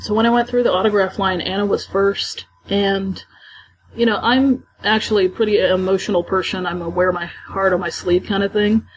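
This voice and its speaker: A woman's voice: medium pitch, fairly even intonation, normal speed, slight background noise, low-quality recording. A woman co-hosting a fan podcast, telling stories from a convention in an enthusiastic, chatty way. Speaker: podcast co-host. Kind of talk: casual podcast recap.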